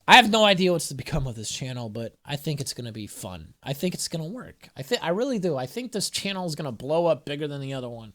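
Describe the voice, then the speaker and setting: High-voiced man, profane and rambling. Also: very animated, fast talker, a bit bright. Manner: profane, joking, loose and chatty. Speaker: spiritual vlogger. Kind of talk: casual rambling vlog with card reading. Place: hot room at home with his cat.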